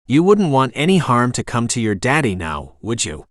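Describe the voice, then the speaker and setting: A smirking storybook villain who taunts his captives in a leering, menacing way, as a male narrator plays him. The voice sits at an ordinary middle pitch, and the recording is close and dry. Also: huge pitch swings, normal speed, dry recording. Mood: taunting.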